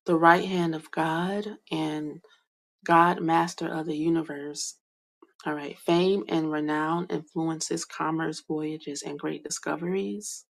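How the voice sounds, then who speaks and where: A young woman giving a soft, hesitant spiritual card reading, full of fillers and whispered asides. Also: low voice, fairly even intonation, takes it slowly, vocal fry. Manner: whispers names to herself while reading cards. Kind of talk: slow meandering card reading monologue.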